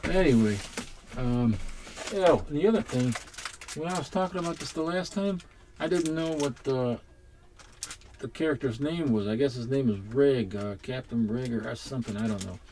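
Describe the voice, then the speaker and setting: A man chatting casually while unboxing comics at home, rambling and halting, with the odd swear word. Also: medium pitch, warm tone, slight background noise. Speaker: comics collector vlogger.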